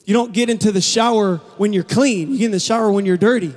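In a big church hall full of lingering echo, a high-voiced male pastor delivers a fast sermon. He starts soft and intimate, then climbs into impassioned shouting.

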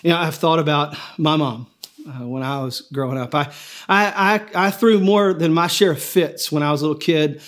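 A man's voice: on the high side, moderate pace, a bit bright. A male pastor giving a sermon in an earnest way, often repeating his first words as he begins a thought.

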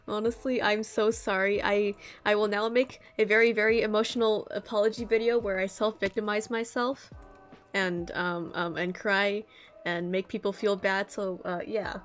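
A woman's voice: mid-range voice, steady tone, measured pace, fairly bright tone, faint music behind. A woman streaming a game, chatting in a playful, giggly, mock-dramatic way. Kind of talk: casual gaming stream chat.

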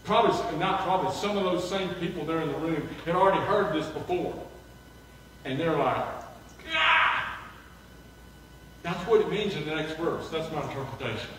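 A man preaching a sermon, animated and acting out the voices of people he quotes. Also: on the high side, a little fast, background noise. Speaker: pastor. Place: church sanctuary. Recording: echoey hall from far off.

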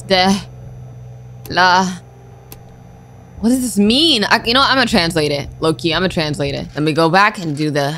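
A young woman giving casual, excitable commentary as she plays a game, full of exclamations and slang. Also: lowish voice. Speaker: gaming YouTuber. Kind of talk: casual let's-play commentary.

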